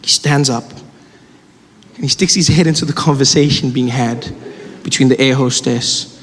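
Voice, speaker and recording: Animated male stand-up comic, echoey stage. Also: medium pitch, moderate pace. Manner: animated, acts out both sides of dialogue. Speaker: stand-up comedian. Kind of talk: stand-up storytelling. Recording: live stage with hall reverb.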